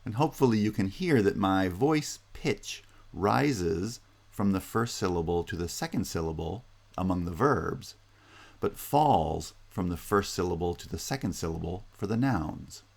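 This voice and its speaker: A man's voice: low voice, expressive, measured pace, vocal fry, darkish tone. A man giving a recorded linguistics lecture, explaining step by step with frequent "uh" fillers and restarts.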